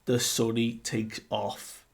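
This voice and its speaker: A man's voice: mid-range voice, little pitch movement, takes it slowly, vocal fry. A man hosting a casual comic review, laid-back, laughing often and acting out scenes.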